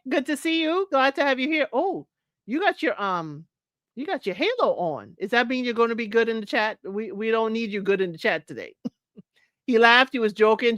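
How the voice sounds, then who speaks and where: Greeting her chat and commenting casually, the host of this dating-show recap stream is opinionated and talkative, often laughing and restating points to stress them. Her voice leans high with a fairly bright tone. It's studio-quality audio with no room sound.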